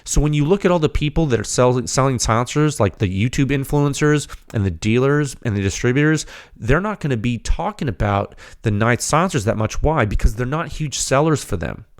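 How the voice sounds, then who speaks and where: A man hosting a podcast, slightly hoarse and losing his voice, giving an emphatic, rhetorical unscripted technical monologue straight to his audience. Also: medium pitch, animated, fairly quick. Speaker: podcast host, firearms silencer researcher.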